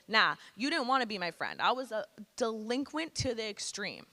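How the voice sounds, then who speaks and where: A woman's voice: medium pitch, very animated, moderate pace, sharp tone. A woman in her thirties from Canada gives a candid, blunt, casual personal testimony to students as a guest speaker in a school hall. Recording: echoey hall.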